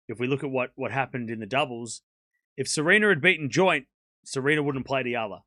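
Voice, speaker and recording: Male streamer host, casual live tennis play-by-play, bright and forceful tone, dry close sound; calls the points, then chats with viewers between rallies. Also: mid-range voice, dry recording.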